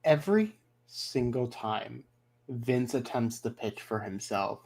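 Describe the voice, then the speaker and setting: A woman's voice: extremely low pitch, takes it slowly, darkish tone, slightly rough. A woman co-hosting a casual podcast, retelling things in a dry, sarcastic way. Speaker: podcast co-host. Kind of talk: casual chat.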